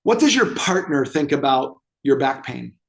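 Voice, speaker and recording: A man's voice: mid-range voice, sing-song, moderate pace, vocal fry. A man telling a client story as a guest in an interview, acting out the dialogue with animation. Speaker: movement therapy expert guest.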